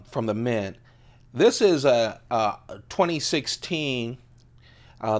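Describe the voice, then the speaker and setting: A man in his late fifties, casually showing his pocket items on a vlog, rambling and laughing as he goes. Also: fairly low pitch. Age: 50s. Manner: chatty, laughs often, digresses. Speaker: EDC video host. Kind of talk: casual rambling show-and-tell.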